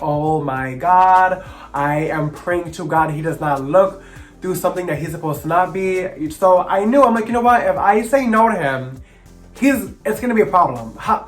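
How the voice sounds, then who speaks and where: Young male vlogger, about 20, slightly high voice, expressive and sassy storyteller. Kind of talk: personal storytelling.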